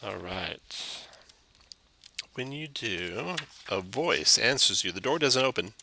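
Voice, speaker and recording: A man's voice: lowish voice, expressive, slow pace, vocal fry, pushed and bright, a little hiss or hum. A man narrating as game master of a tabletop game, reading plainly with hesitant fillers.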